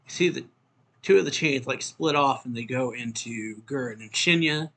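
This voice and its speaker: A man's voice: mid-range voice, moderate pace, gravelly, bright, forceful tone. A man giving a loose, casual recap of a comic chapter, full of fillers, who lifts his voice when he reads out the characters' lines. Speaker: manga reviewer. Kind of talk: casual recap reading out manga dialogue.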